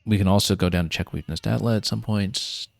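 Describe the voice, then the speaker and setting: A gravelly man with a lowish voice streams a video game, talking a little fast as he thinks aloud and plans what to do next. His commentary is casual and sprinkled with fillers, with no room sound.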